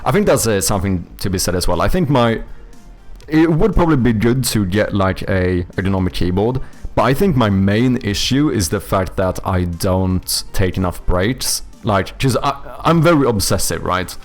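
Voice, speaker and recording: Over soft background music, a young Swedish game developer talks loosely with viewers, reading their comments aloud, rambling and swearing as he goes. His Swedish-accented voice sits fairly low, sounds expressive, and moves at a normal speed.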